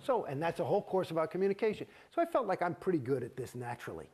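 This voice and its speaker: A middle-aged man, an actor, telling his own story in an interview, profane and animated, acting out the exchanges he describes. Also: fairly high pitch, rapid-fire, breathy edge. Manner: profane, animated, gets heated and acts out quoted exchanges.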